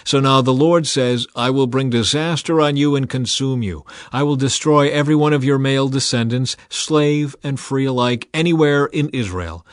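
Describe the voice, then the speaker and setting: A man's voice: mid-range voice, dry recording, clean studio sound, close to an everyday voice. A man reading the part of a stern male prophet, solemn and emphatic.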